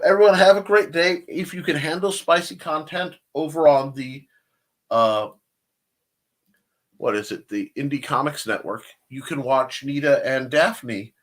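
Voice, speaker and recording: A man's voice: mid-range voice, moderate pace, fairly bright tone. A man hosting a casual live-stream chat show, rambling through plugs with jokey asides and self-corrections. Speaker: show host.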